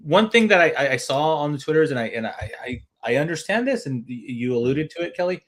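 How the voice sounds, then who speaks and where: A man's voice: fairly high pitch, sing-song, quick pace, fairly bright tone. A man co-hosting a sports podcast in loose, chatty talk, reading out viewer comments with restarts and casual swearing. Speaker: podcast co-host.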